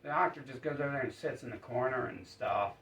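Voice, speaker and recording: A man's voice: medium pitch, fast, vocal fry, fairly bright tone. Man rambling through an echoey story. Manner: rambling, storytelling, many fillers. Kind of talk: rambling comic monologue. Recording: roomy, distant, dull sound.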